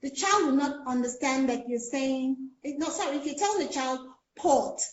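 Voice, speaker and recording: A woman's voice: high-pitched, moderate pace, a little hiss or hum. A Nigerian woman coaching on speech and pronunciation in a casual talk, explaining with many fillers. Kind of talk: casual chat on a call. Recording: echoey lo-fi call audio.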